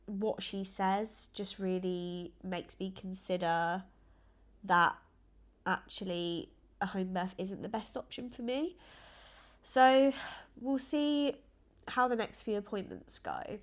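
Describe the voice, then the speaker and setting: A woman's voice: mid-range voice, a little slow. Chatty woman vlogger. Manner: chatty, rambling, earnest. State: emotional, close to tears at times. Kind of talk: casual chat to camera.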